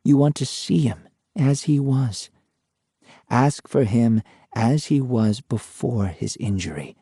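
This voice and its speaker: A man's voice: mid-range voice, takes it slowly, dark tone, breathy edge, dry recording, clean studio sound. A man playing a stern paranormal interviewer. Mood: pressing. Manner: firm, commanding, then soothing.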